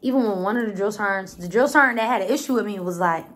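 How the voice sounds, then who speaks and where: A woman's voice: mid-range voice, fast talker, a bit bright. A woman in her twenties with an American accent, telling stories in a casual, blunt vlog and swearing freely. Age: 20s. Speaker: vlogger.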